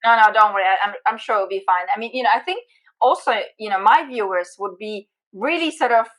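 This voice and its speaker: A woman being interviewed as a guest, telling stories in an animated, chatty way. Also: mid-range voice, a little fast, low-quality recording. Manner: animated storyteller, lots of fillers and restarts. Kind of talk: casual interview chat.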